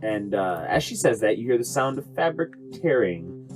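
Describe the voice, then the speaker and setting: A man running a tabletop game as game master, narrating in a rambling, animated way. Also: mid-range voice, moderate pace, soft background music.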